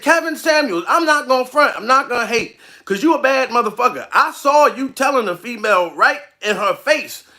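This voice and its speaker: A man's voice: high voice, pushed and bright. A man doing a comedic rant to camera, profane and repetitive in street talk.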